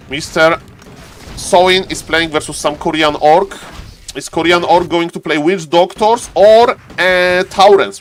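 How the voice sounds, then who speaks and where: Excitable streamer casting a strategy game. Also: male voice, a little high, a little hiss or hum. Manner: excitable, repeats phrases, addresses chat by name. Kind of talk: excited live game commentary and chat.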